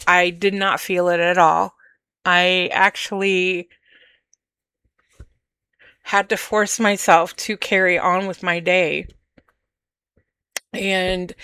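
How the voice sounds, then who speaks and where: A woman hosting a podcast, talking candidly and emotionally about her own feelings in a slow, searching monologue. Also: on the low side, sharp tone, clean tone, dry recording. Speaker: podcast host. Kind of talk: personal reflective monologue.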